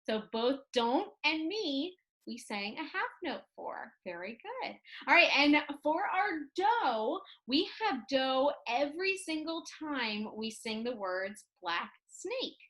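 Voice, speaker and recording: Woman, music teacher, children's lesson, slow, bright. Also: sits high, big pitch swings, rough recording. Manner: sings phrases and coaches the listener to repeat; slow, clear, encouraging delivery.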